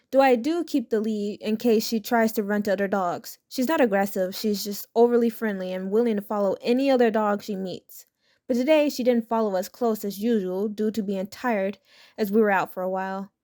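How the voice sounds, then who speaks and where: A woman reading online stories as a scripted narration, in a steady, matter-of-fact way. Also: medium pitch, a little fast.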